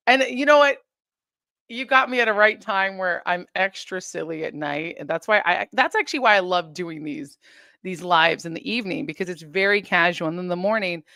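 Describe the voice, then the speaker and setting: On her relaxed live stream, a woman reads out viewer comments and responds, giggling and rambling. She has a lowish, gravelly, bright voice with a forceful tone and moderate pace. The recording sounds dry and close, lacking any room echo.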